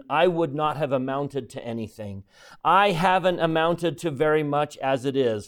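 Older man telling a measured sermon story. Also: on the high side. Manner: measured, earnest storytelling with deliberate pauses. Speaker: church leader.

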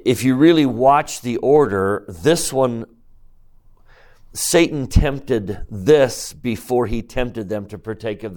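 A man at a middle pitch leads a scripture lecture. He keeps questioning his listeners and moves between quiet, reflective asides and emphatic climbs. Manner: questions the class directly. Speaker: religious teacher.

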